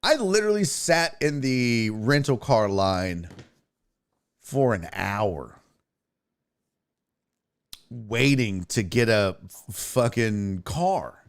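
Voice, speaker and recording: A man's voice: mid-range voice, sing-song, slow pace, long pauses, clean tone. A man hosting his own show, telling a story in a profane, ranting casual style. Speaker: sports show host.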